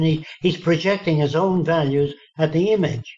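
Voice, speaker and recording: Slightly high and warm, his voice moves fairly quickly with barely a pause. He's a man in an interview, spinning blunt, folksy stories and imitating the words others said to him, captured on a dull lo-fi recording.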